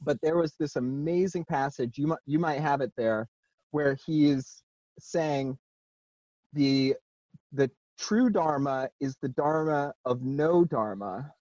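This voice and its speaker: A man chatting casually as a co-host, animated and laughing often as he acts out quotes. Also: fairly high pitch, takes it slowly, no echo. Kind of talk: casual discussion. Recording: dry, dull lo-fi sound.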